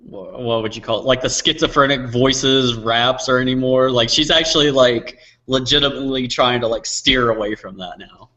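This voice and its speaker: A chatty man on a casual music talk show, jumping in with counterpoints. His voice is bright and forceful, and the recording has a dull, lo-fi quality. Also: mid-range voice. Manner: chatty, quick to offer counterpoints. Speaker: podcast co-host. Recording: dull lo-fi sound.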